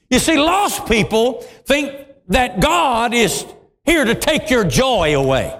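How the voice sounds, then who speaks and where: A man preaching a sermon with impassioned, dramatic swings, dropping into deep voices for emphasis. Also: sing-song, slow pace, a bit bright. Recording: long hall reverb.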